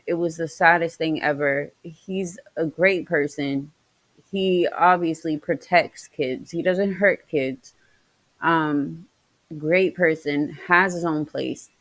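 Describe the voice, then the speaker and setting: A woman's voice: low-pitched, no echo, poor audio. A woman hosting a livestream, chatting emphatically about a video she is playing. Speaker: livestream host. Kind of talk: casual live commentary.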